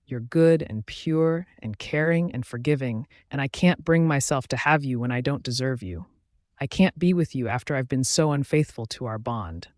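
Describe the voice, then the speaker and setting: A man voicing a remorseful young male alpha werewolf, who speaks softly and earnestly in an audiobook. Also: medium pitch, expressive, normal speed, dry recording, clean studio sound, natural voice.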